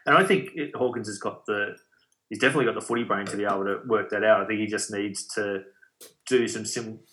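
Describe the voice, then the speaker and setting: A man's voice: lowish voice, fast. An Australian man co-hosting a casual podcast, analysing football in a loose, filler-heavy way. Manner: relaxed footy analysis, many fillers. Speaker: podcast co-host. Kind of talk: casual chat.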